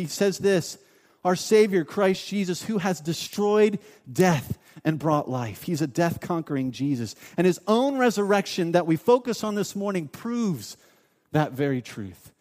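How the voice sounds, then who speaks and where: A man with a high, bright-pitched voice preaches with emphatic repetition and rhetorical questions. His voice rings out with a long hall reverb, as if heard in a church sanctuary. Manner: emphatic, repeats phrases, asks rhetorical questions. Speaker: pastor. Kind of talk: sermon.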